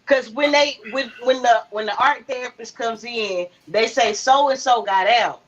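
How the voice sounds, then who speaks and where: A woman's voice: on the high side, moderate pace, fairly bright tone. A woman with a Southern country accent co-hosting a movie review, chatting casually and laughing a lot. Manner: giggly, laughs constantly. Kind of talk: casual chat. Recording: dull lo-fi sound.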